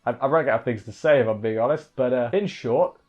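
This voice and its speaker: A man's voice: medium pitch, quick pace, a little mellow, lo-fi sound, soft background music. A man casually reviewing an anime episode, rambling off the cuff and correcting himself as he goes.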